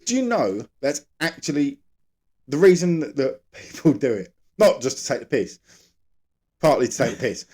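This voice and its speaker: A man's voice: mid-range voice, animated, normal speed, warm tone. Rambling man, casual podcast chat. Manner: rambling, jokey, tries silly accents. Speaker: podcast co-host.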